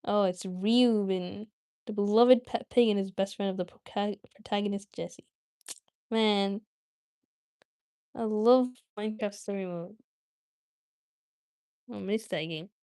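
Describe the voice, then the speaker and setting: Slow, chatty woman streamer. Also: mid-range voice, steady tone, dark tone, clear, resonant tone, dry recording, studio quality. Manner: chatty and giggly, talks straight to viewers. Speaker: livestream host. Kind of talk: casual livestream chat.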